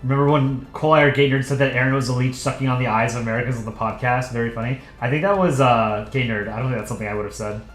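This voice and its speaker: A man's voice: mid-range voice, steady tone, rapid-fire, few pauses, a bit bright. A man hosting a drawing livestream, chatting offhand and rambling as he thinks aloud, with the odd chuckle. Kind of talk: casual livestream chat while drawing. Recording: roomy echo with faint music behind.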